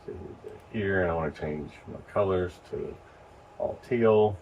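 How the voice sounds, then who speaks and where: A man giving relaxed, step-by-step training to church volunteers, recorded in a church. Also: low-pitched, unhurried, highs cut off. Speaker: lighting instructor. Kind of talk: casual hands-on training. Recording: distant mic with faint noise.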